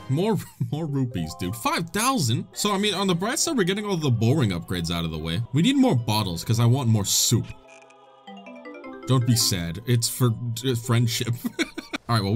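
A man giving excitable, jokey commentary while playing a video game, laughing often. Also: medium pitch. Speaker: gaming video host. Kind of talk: let's play commentary.

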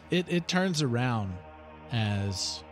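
Guy running a tabletop game, slow and low-ish, lots of ums, faint music behind. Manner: hesitant, halting with fillers. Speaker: game master.

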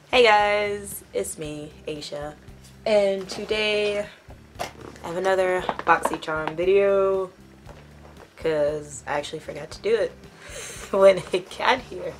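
A woman's voice: medium pitch, takes it slowly, long pauses, faint music behind. A congested young woman reviewing a beauty box in a casual, rambling chat with self-corrections. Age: young adult. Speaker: beauty vlogger.

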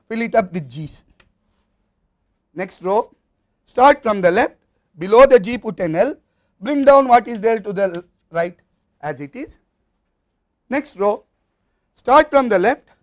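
A man with an Indian English accent giving a university lecture, explaining step by step in a methodical way. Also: high-pitched.

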